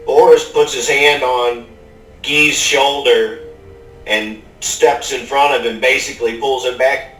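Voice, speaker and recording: A man playing a tabletop game, calmly describing his character's actions. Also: mid-range voice, slow pace, soft background music. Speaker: player. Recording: roomy, distant mic.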